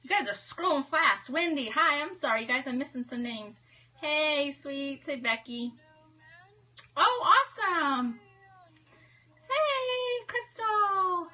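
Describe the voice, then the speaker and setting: Woman, 30s, home live-stream host; high, bright, chatty, welcoming. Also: expressive, takes it slowly. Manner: chatty, bubbly, reads out viewer names. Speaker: livestream host. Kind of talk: casual live-stream chat greeting viewers. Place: home office.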